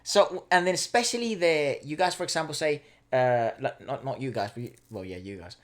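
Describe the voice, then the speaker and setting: A man's voice: a little high, brisk. A young man chatting casually, rambling with restarts and jokes. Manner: rambling, many restarts and fillers, jokey. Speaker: co-host of a reaction channel. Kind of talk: casual chat.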